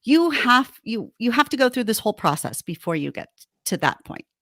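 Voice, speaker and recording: Animated high-voiced woman co-host. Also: moderate pace, no echo, clean studio sound. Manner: animated, acts out heated quotes. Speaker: podcast co-host. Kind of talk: casual relationship advice chat.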